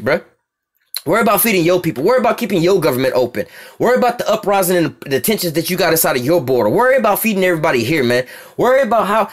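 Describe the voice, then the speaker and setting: Fast-talking, high-voiced American man preaching. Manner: profane, blunt, keeps asking "you see what I'm saying". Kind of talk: scripture reading with street-talk commentary.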